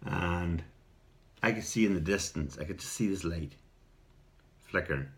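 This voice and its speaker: A middle-aged Irish man telling a rambling personal story in a casual vlog, repeating words and clearing his throat now and then. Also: low-pitched, normal speed. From Ireland. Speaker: video response storyteller.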